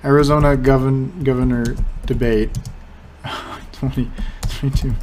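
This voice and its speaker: A young man giving casual reaction commentary, excitable, swearing and laughing as he talks. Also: mid-range voice, a little slow, a little hiss or hum. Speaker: reaction streamer.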